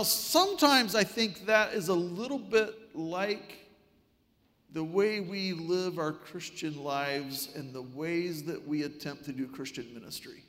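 A man preaching a sermon, telling a story with wry, animated delivery. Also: fairly high pitch, big-room sound.

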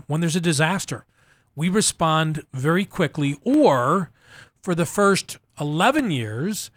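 A man hosting a radio talk show, jokey and lively, who often stammers and restarts. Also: on the high side, dry recording, studio quality. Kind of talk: casual radio chat.

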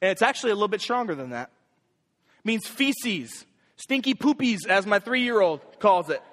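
A young man with a high voice preaches a sermon, pushing his pitch up sharply on each key point. His emphatic delivery rings out through a church hall with a long, trailing reverb. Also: very animated, moderate pace, fairly bright tone. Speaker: young adults pastor.

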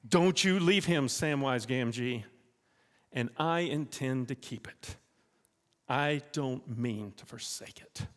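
A man's voice: medium pitch, takes it slowly, big-room sound, close to an everyday voice. A man voicing a loyal, devoted hobbit with an earnest, pleading manner.

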